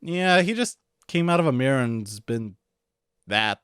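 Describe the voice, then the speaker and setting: Guy doing a pervy teen boy, mumbly and low, dry mic. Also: a little slow, smooth, no echo. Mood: flat. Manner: lower, flat and grumbling. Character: horny, slacker teenage boy. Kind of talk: parody anime recap voice.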